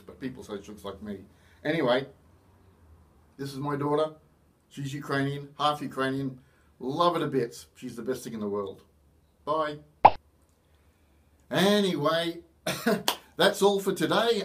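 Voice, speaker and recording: A middle-aged Australian man talking casually to camera in a rambling, chatty way with self-mocking humour. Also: a little high. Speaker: vlogger. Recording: voice a bit far from the mic.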